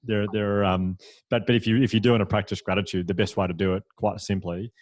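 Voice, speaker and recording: A man, a podcast guest, telling a story in a lively, anecdotal way, with frequent restarts and fillers. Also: fairly low pitch, quick pace, dry recording. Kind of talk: storytelling in a conversational interview.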